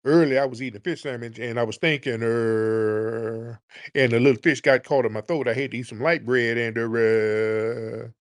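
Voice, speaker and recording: A man mimicking a rambling, halting caller. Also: medium pitch, fairly even intonation, no echo, lightly acted. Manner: hesitant, filler-heavy, slow mumbling.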